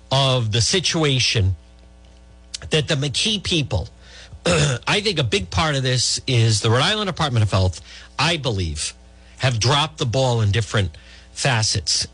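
A man's voice: medium pitch, a bit bright, breathy edge. A middle-aged man hosting talk radio, giving blunt, rambling political opinions with many restarts.

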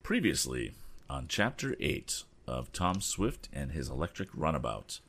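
A man reading a story aloud with relaxed, chatty asides. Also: measured pace, faint music behind. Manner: voices the boys' lines with raised pitch. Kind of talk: casual read-aloud narration with asides.

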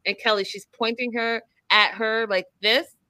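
A woman's voice: a little high, moderate pace, no echo. A woman hosting a casual chat, animatedly recapping a reality show and acting out what people said. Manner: animated storyteller, acting out quotes with emphasis.

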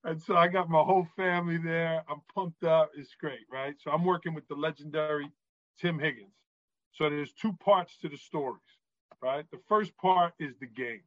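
A man from New York, a guest and author, telling animated stories in an interview and often asking "right?". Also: a little high, moderate pace, dry recording, highs cut off. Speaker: guest, author and former referee. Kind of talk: storytelling in a podcast interview.

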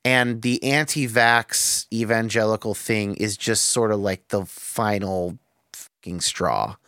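A man's voice: fairly low pitch, steady tone, slow, bright, forceful tone, clear, resonant tone, no echo, clean studio sound. Frank, reflective male podcast host. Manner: reflective, frank, swears freely, thinks aloud with restarts. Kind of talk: candid podcast conversation.

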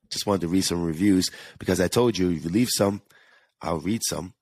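A man's voice: low-pitched, big pitch swings, moderate pace, creaky, breathy edge, no echo. A man with a New York–New Jersey accent hosting a casual solo podcast, chatty and earnest, often restarting and repeating words. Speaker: podcast host.

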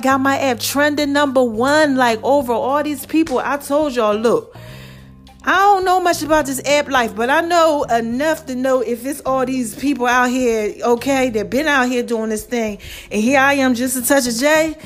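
High-voiced woman preaching to her viewers. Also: moderate pace, faint music behind. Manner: affectionate, calls listeners "baby" and "y'all"; preachy, repeats phrases for emphasis. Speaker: host of her own online show. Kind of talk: casual motivational talk to viewers.

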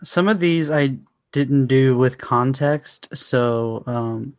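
A man's voice: medium pitch, slow pace, smooth, no echo. A man co-hosting a podcast, chatting casually about a movie with short joking remarks. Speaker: podcast co-host. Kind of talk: casual movie review chat.

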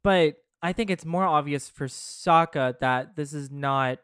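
A podcast co-host talking through ideas in casual chat, hedging and restarting as thoughts form. The voice is smooth and clear, recorded dry and close with no room sound. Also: medium pitch, unhurried, a bit bright, no echo.

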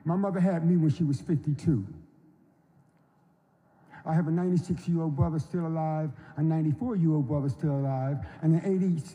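Older man in his seventies, unhurried folksy storyteller, dark mellow voice, long hall reverb. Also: on the high side. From North Carolina, US. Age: 70s. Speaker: speaker at an induction ceremony. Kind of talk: storytelling speech on stage. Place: large hall.

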